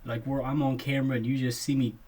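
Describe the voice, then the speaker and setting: In a casual chat, a young podcast co-host stays laid-back, laughs frequently, and keeps calling his friend "bro." He talks at a quick pace in a medium-pitched, level-toned voice that is a little mellow and husky.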